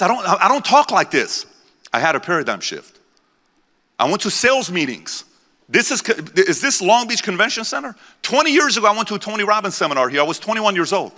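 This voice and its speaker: A man's voice: high-pitched, bright, forceful tone. A man in his forties, born in Iran and raised in America, gives a blunt, punchy motivational speech to a live audience in a large convention center. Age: 40s. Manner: blunt, punchy, rallies the crowd. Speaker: motivational speaker. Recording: reverberant convention hall PA.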